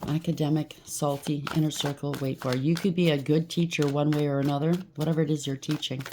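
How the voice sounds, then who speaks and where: A woman's voice: sits low, fairly even intonation, quick pace, noisy background. A woman giving a rambling, chatty collective tarot reading, preaching and thinking aloud with frequent asides. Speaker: tarot reader.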